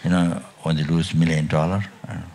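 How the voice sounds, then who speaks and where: An older man giving a Buddhist dharma talk at a retreat, speaking haltingly with many restarts and trailing phrases, often coughing and clearing his throat. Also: very deep voice, level tone, darkish tone, a little hiss or hum. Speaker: Buddhist teacher.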